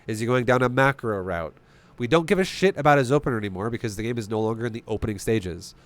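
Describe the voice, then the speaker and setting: Male game streamer, swears constantly, rapid rhetorical questions, middle pitch. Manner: animated, profane, rhetorical questions. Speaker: streamer coaching a strategy game. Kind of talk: live-stream commentary.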